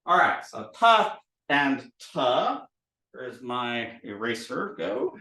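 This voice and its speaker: A language teacher with a creaky, mid-range voice speaks slowly through a recorded lesson on drawing letters, playfully and animatedly drilling sounds again and again. He's recorded from a distance in a roomy space, a bit off-mic.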